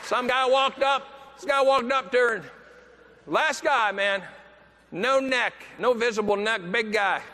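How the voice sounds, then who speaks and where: Male keynote speaker, very high bright voice, animated storyteller who voices the people he quotes, echoey hall. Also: unhurried, some chatter behind. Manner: animated, acts out quoted voices, bursts into shouts. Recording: echoey hall, faint background noise.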